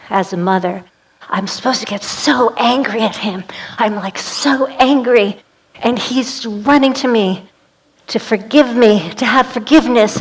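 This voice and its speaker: A woman performing a one-woman play as a vivid, dramatic storytelling monologue. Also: fairly high pitch.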